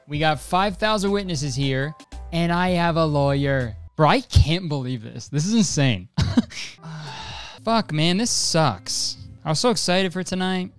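Excitable young man streaming, swearing often. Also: fairly high pitch, a little slow, clear, resonant tone, faint music behind. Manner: excitable, swearing a lot, swings between hype and frustration. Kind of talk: live-stream card opening.

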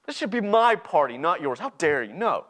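A man's voice: medium pitch, big pitch swings, normal speed, lightly acted. A man playing a resentful older brother as he retells a parable in a sermon, with indignant, accusing outbursts. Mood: angry. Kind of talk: sermon storytelling.

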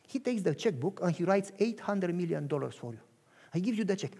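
A man preaching a sermon with a Romanian accent, acting out both sides of a dialogue and swinging from hushed lines to shouts. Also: high voice, expressive, brisk, breathy edge. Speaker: pastor.

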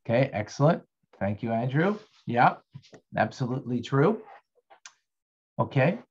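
A man of middle pitch teaches an online Torah class in a relaxed, conversational way. He keeps putting questions to his students and thanks them by name. The sound is slightly dull and lo-fi. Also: measured pace, breathy edge.

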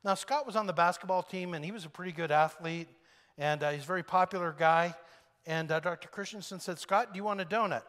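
A man's voice: fairly high pitch, fairly quick, in a large hall. A man preaching a sermon, telling a story and acting out the people in it. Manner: animated storyteller acting out quoted voices. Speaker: pastor.

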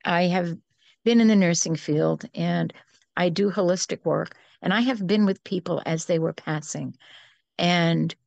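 An older woman telling a personal story as an interview guest, earnest and unhurried, with small restarts. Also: lowish voice, vocal fry, a little mellow, no echo, muffled recording.

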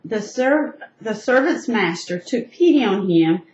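A woman reading Bible verses aloud in a steady, plain way during a Bible study, and sometimes answering. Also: medium pitch, a little slow. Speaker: scripture reader in a Bible study. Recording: echoey, muffled room sound.

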